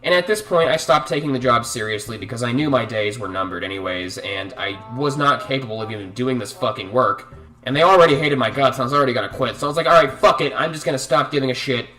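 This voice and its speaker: Brief: young man, storytime vlogger, swears a lot, exasperated and dramatic, mid-pitched, mic a bit distant. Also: expressive, fast talker, sharp tone, faint music behind. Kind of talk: storytime vlog narration.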